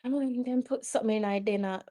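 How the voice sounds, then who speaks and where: A woman with a Jamaican accent hosting a live football watch-along, excitable and exasperated, slipping into patois. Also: fairly high pitch, fast. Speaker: live stream host.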